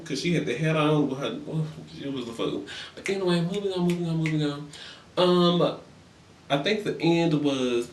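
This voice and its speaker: Sassy young man ranting gossip, echoey room. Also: mid-range voice. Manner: sassy, profane, acts out quoted voices. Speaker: vlogger recapping reality TV. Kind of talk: casual gossip rant. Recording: echoey room, far from mic.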